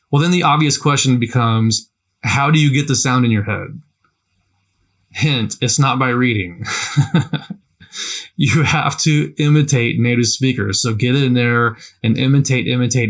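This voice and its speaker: A man giving a casual lesson on language practice in a conversational way, often repeating himself and asking "right?". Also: mid-range voice. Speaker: language teacher. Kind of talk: casual instructional talk.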